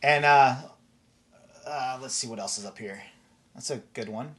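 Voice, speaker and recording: A man's voice: medium pitch, measured pace, a bit bright. An American man hosting a casual interview, easygoing, laughing often and reading out viewer questions. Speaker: host.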